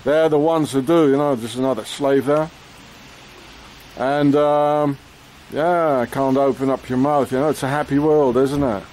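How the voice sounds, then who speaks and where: A man delivering an angry, rambling rant outdoors in the rain, swearing often and filling every pause with "you know" and "eh?". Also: medium pitch, fairly even intonation, a little mellow, slight background noise.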